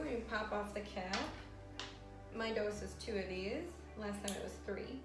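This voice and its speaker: A woman's voice: mid-range voice, steady tone, unhurried. Chatty young woman in an echoey room. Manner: frank and chatty, many fillers. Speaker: vlogger sharing her fertility treatment. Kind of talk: casual explainer vlog. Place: room at home. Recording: echoey room, faint music.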